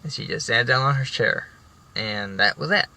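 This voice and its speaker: Bright-voiced young man telling stories. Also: mid-range voice, moderate pace, rough recording. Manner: rambling, profane, many restarts. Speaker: vlogger. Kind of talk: casual storytelling.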